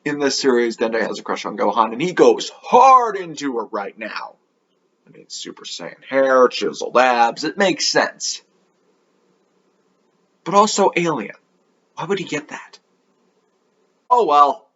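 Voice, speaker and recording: Animated, sarcastic male reviewer. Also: medium pitch, a little slow, pauses often, dull audio. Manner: sarcastic, swears a lot. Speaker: anime series reviewer. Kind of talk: comedic review commentary.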